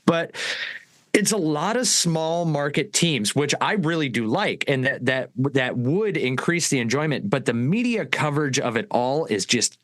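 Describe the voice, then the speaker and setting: A man co-hosting a sports podcast in casual chat, opinionated and ranting with halting restarts. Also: fairly high pitch, lively intonation, fairly bright tone, no echo. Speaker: podcast co-host.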